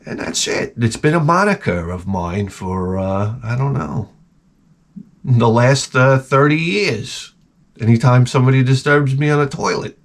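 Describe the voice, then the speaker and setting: Profane, animated storytelling man. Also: mid-range voice, a little slow. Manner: profane, rambling, animated anecdotes. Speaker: podcast host. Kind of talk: casual comic storytelling.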